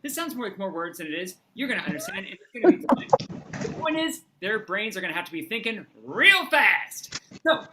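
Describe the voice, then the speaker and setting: An energetic improv comedy referee hosting a game with playful, quick game-show patter. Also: medium pitch, heavy background noise.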